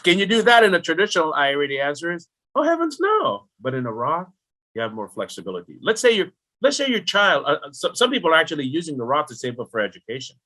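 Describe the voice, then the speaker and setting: A bright, animated middle-aged man explains retirement planning as a guest on a podcast interview. He speaks a little high and fast, asking rhetorical questions and addressing the listener directly.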